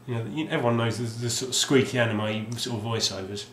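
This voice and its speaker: A man with a mid-range, slightly bright voice talks quickly as he casually shows off his game collection, rambling and hesitating with plenty of ums and restarts. There's a little hiss or hum, and the room sounds roomy with faint ambience.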